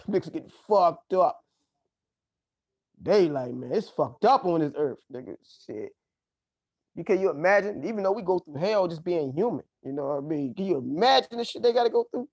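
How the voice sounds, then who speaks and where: Dude rambling on his livestream, cussing constantly, loud outbursts, dry close mic. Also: sits high, animated, normal speed, pauses often, slightly rough, dry recording. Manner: profane, loose, exclaiming and laughing. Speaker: livestream host. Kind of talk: rambling casual monologue.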